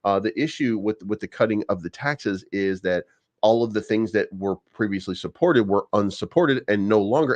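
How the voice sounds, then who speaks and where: A man hosting a crypto channel, giving rambling, profane market commentary with many restarts. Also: medium pitch. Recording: dull lo-fi sound.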